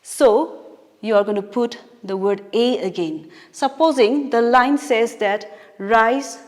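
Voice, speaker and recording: A woman with a slightly high, somewhat mellow voice teaches English poetry at a slow pace. She works through it patiently one step at a time, with fillers and minor self-corrections, and the classroom recording carries a long hall reverb.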